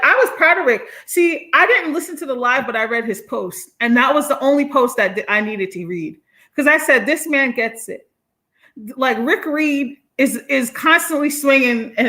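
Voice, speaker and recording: A woman hosting a casual live stream, reading viewer comments aloud, blunt and animated, often laughing and swearing. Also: fairly high pitch. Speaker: livestream host reading chat comments.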